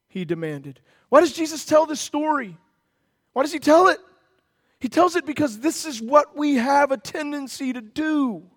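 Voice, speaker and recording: High-voiced man preaching with emphatic swings. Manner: emphatic preaching, dramatizes scripture with voiced asides. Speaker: pastor. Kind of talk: sermon.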